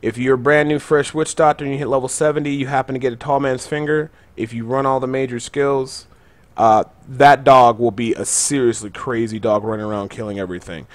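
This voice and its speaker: A young man talks through a game tutorial in a loose, chatty way, full of fillers and gamer slang. His voice sits at an ordinary middle pitch, recorded close and dry with no room sound. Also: steady tone, fairly quick, dry recording. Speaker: gaming channel host. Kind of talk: gameplay tutorial commentary.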